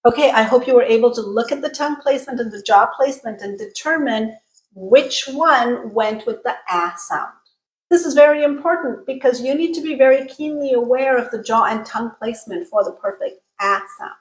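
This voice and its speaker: A woman teaching English pronunciation in an online lesson. She coaches clearly and repeats each vowel slowly so learners can drill it. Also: a little high. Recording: roomy echo.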